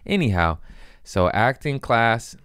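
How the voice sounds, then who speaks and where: A man's voice: medium pitch, sing-song, takes it slowly, fairly bright tone, clear, resonant tone, no room sound, clean studio sound. A man hosting a podcast in casual chat, rambling and profane, mocking himself and laughing often. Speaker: podcast host.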